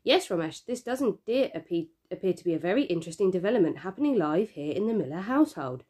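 A woman's voice: fairly low pitch, sing-song, quick pace. Woman playing a smug TV reporter. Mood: probing. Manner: bright, probing broadcast delivery.

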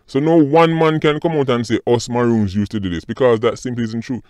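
A Jamaican man hosting a casual commentary vlog, animated and mocking, often calling out to his audience. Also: mid-range voice, fairly quick, smooth, dry recording. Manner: animated, mocking, repeats "people" and "right". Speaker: commentary channel host.

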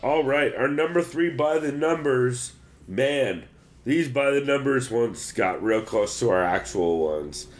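A man's voice: mid-range voice, lively intonation, a little slow, faint music behind. A man co-hosting a casual sports podcast, talking in a loose, profane, rambling way with lots of restarts. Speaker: podcast co-host.

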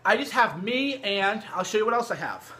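A man's voice: sits high, very animated, moderate pace, pushed and bright. A man talking casually to camera in a home setup about books, brash and profane, with heavy emphasis, on a cheap microphone. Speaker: vlogger. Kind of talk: casual direct-to-camera book talk. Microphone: cheap USB microphone.

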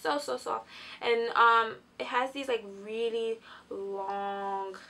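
Young woman beauty vlogger, bright tone, chatty and filler-heavy, sounds tired but gets excited. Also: on the high side, takes it slowly, vocal fry, slight background noise. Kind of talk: casual product review. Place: sitting on the floor at home.

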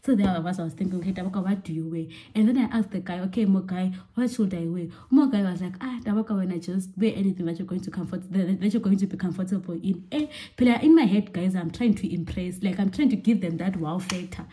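A young woman telling a story to her viewers in a chatty, animated way, full of fillers and repeated words. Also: lowish voice, fast talker, few pauses. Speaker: vlogger. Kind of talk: casual storytime vlog.

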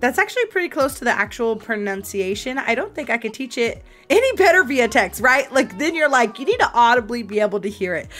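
Playing a life-sim game on stream, a bubbly young woman giggles a lot and exclaims often as she chats casually with her audience. She has a medium-pitched, fairly bright voice.

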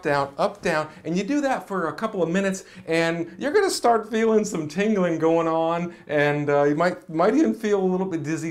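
A middle-aged man giving an enthusiastic, animated video lesson as a career coach, speaking straight to the camera. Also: fairly high pitch. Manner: energetic, animated, direct to camera. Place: indoors, seated on camera.

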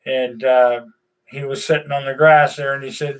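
An older man, casually chatting to his viewers in a rambling, folksy way with lots of pauses. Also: medium pitch, little pitch movement. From Nova Scotia, Canada. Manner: rambling, folksy, many "uh"s and restarts. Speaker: vlogger. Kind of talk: casual chat to camera.

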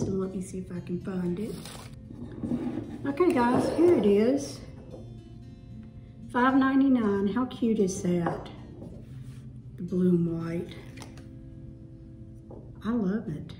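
Faint music plays in an echoey room as a Southern-accented woman casually presents her latest home decor finds. Her voice is mellow and medium-pitched, and her folksy, talkative manner turns to gushing whenever she holds up something new.

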